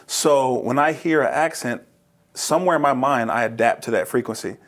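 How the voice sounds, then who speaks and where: In an interview, a man who runs a roofing business in New Jersey, USA, animatedly tells stories at a moderate pace in a medium-pitched voice. Frequent laughter punctuates his tales, and he voices the dialogue in a lively way.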